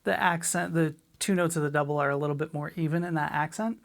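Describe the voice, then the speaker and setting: A middle-aged woman teaching a drum lesson in a relaxed, chatty way, sometimes scatting rhythms aloud. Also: low-pitched, fast, vocal fry, heavy background noise. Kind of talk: casual spoken lesson.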